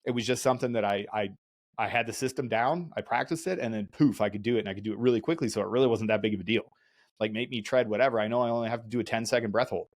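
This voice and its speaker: A man hosting a podcast, casually telling animated stories, acting out voices and laughing often. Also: medium pitch, very fast. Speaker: podcast host. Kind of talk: casual storytelling chat.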